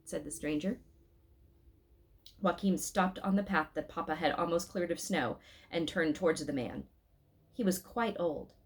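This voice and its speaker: A woman's voice: lowish voice, unhurried, pauses often. A woman hosting a children's read-aloud, chatting and reading a storybook with character voices. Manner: chatty, laughs between lines, lively character voices.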